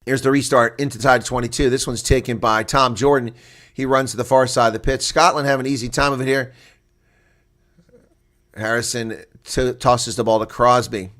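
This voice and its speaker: A man giving live play-by-play rugby commentary, excitable and rising to shouts at big plays. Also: medium pitch, moderate pace.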